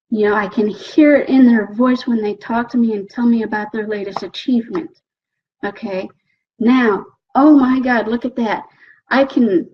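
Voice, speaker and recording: A woman giving an animated motivational talk, coaxing the listener and often checking in with "okay?". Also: on the high side, husky. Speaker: motivational speaker. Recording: dull lo-fi recording.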